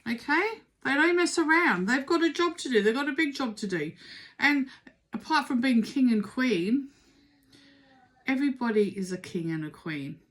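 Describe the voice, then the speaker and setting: A woman's voice: sits high, animated, normal speed, a bit bright. A middle-aged woman giving a casual spoken tarot reading, emphatic and urging, repeating words for stress. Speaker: tarot reader.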